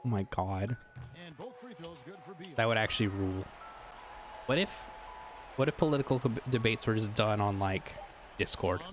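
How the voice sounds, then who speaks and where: This young man talks at a normal speed with frequent pauses as he plays a basketball video game. His casual chat is relaxed and low-effort, full of laughter, with soft music in the background.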